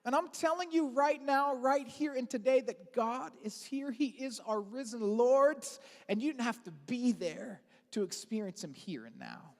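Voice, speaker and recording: A lead pastor giving an Easter sermon in an energetic, conversational way with casual asides and fillers. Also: medium pitch, normal speed, few pauses, big-room sound. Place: large church auditorium.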